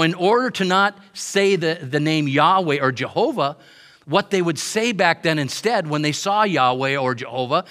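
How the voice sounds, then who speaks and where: A man's voice: on the high side, a bit bright. A man preaching a sermon, teaching from scripture with emphatic repetition. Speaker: pastor. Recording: long reverb in a large hall.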